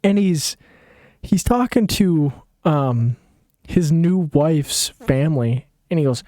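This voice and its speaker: Brief: deadpan-sarcastic male storyteller, unhurried, rambling, dry close sound. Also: a little high, dry recording. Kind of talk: casual comedic retelling.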